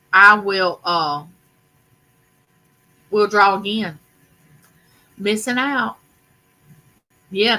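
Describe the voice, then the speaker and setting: A woman's voice: medium pitch, sharp tone, poor audio. Chatty older woman. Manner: chatty, affectionate, talks to viewers directly. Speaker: live stream host. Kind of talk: casual live chat.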